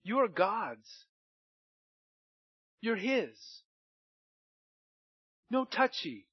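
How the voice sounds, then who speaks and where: High-pitched pastor guy preaching, laughs a lot, acts out the bible quotes, kinda muffled lo-fi sound. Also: extremely slow, slightly rough. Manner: animated preaching, laughs often, quotes scripture in dramatic voices. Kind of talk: sermon. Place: church.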